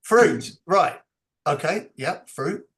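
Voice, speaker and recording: A man presenting a teacher training session over a video call, explaining slowly and acting out classroom dialogue. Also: on the high side, lively intonation, fairly bright tone.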